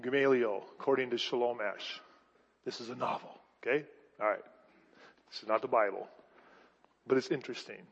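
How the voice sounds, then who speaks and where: A male pastor preaching a sermon, emphatic and full of restarts, with sudden swings between loud and soft delivery. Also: medium pitch, normal speed, pauses often, husky. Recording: dull, echoey hall recording.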